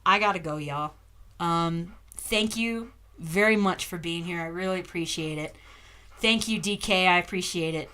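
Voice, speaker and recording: Her voice on the low side, bright and forceful, a woman hosts a casual home livestream at normal speed through a desk mic, with slight background noise. Chatty and candid, she keeps breaking off to address her dog.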